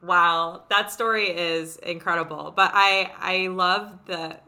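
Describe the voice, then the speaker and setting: A woman hosting a relaxed interview chat, with a bright, forward tone and a slightly low voice. She talks in an animated way, full of laughter when telling a story, then settles into asking her guests questions. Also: takes it slowly. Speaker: podcast host interviewing guests.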